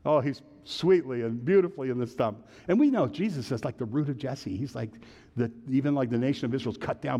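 A male pastor preaching a sermon, animated, calling out to the congregation and urging it to answer back. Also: medium pitch, brisk, big-room sound.

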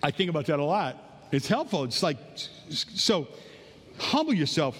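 A man's voice: fairly high pitch, moderate pace, breathy edge, long reverb tail. A man preaching a sermon as pastor, telling stories with acted-out quotes and joking with his congregation. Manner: animated storytelling, acting out voices in quotes. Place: church sanctuary.

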